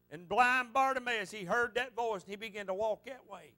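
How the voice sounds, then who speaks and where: A male pastor delivering a fervent sermon. His voice is high and bright with a sharp, forceful edge. He repeats phrases for emphasis and tells stories as he preaches. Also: normal speed, few pauses. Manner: fervent, repetitive preaching with storytelling.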